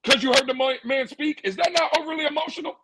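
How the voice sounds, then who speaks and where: A man's voice: extremely high pitch, quick pace, heavy background noise. A man ranting sarcastically as a sports podcast co-host, repeating lines for emphasis. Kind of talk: heated sports commentary.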